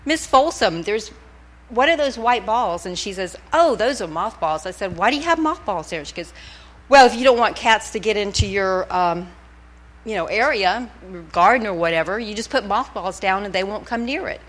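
A woman's voice: medium pitch, expressive, normal speed. A middle-aged woman telling a personal testimony at a church service, laughing often as she speaks into a handheld mic. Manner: chatty, laughing storyteller. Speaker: church member giving a testimony. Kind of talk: nervous church testimony story. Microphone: handheld microphone.

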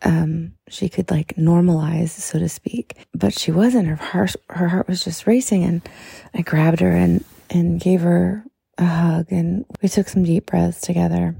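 A woman hosting a podcast, talking casually and then leading a calm, soft-spoken guided breathing meditation with slow pauses. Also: fairly low pitch, vocal fry, breathy edge, dry recording, studio quality.

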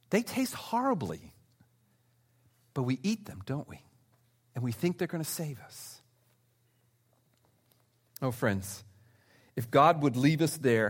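Lively, expressive male preacher. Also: medium pitch, breathy edge. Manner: animated, swings from loud emphasis to hushed asides; conversational, speaks directly to listeners. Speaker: pastor. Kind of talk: sermon.

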